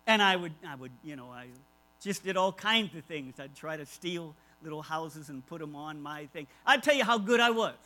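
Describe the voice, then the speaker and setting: A man's voice: fairly high pitch, animated, moderate pace, sharp tone, low-quality recording. A man preaching a conversational sermon, emphatic and repeating key phrases, with asides to his listeners.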